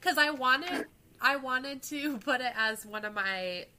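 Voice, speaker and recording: A woman's voice: sits high, slow, pushed and bright, a little hiss or hum. A young woman co-hosting a casual movie podcast, chatty and giggly, often quoting lines from films. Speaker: podcast co-host.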